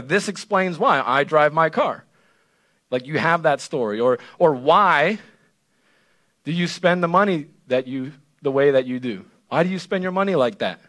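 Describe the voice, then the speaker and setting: A male pastor giving an animated, conversational sermon that keeps checking in with the listeners. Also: fairly high pitch. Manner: animated, conversational preaching with frequent "right?".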